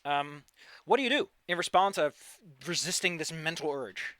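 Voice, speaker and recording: Bright-voiced playful game master man. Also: fairly high pitch, expressive, moderate pace, dry recording. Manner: playful, theatrical narration with teasing asides. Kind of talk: narrating a tabletop game.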